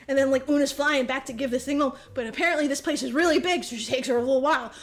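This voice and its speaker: High-voiced, profane, giggling woman podcaster. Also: fairly even intonation, racing, hardly any pauses, soft background music. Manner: profane, rambling, laughs often while telling. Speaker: podcast host. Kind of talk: casual comedic movie recap.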